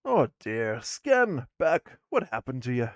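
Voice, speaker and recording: A man's voice: medium pitch, very animated, slow, no echo, clean studio sound. A man voicing Gav Punst, grumpy dwarf woman. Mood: grumbling. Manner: grumbling, impatient, put-upon. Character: grumpy young female dwarf merchant. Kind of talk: reading game character dialogue aloud.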